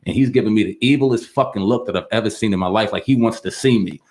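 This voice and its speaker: A man's voice: fairly low pitch, quick pace, darkish tone. A man hosting a podcast, telling a story in a casual, profane way with laughs. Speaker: podcast host.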